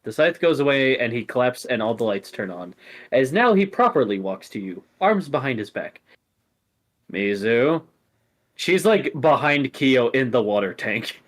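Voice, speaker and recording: A male game master narrating a tabletop game in a casual, rambling way. His voice has lively pitch swings. He speaks with many loose fillers. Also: a little slow.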